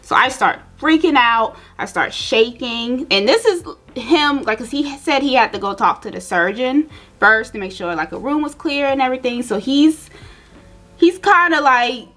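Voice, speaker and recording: A young woman vlogger chatting casually to her viewers, telling a personal story while doing her makeup, animated and direct. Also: high-pitched, normal speed. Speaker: beauty vlogger.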